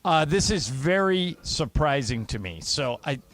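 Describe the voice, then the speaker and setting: A man's voice: on the high side, big pitch swings, measured pace, a bit bright. Middle-aged man telling a radio story. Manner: conversational storyteller. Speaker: radio co-host. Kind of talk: sports talk radio banter.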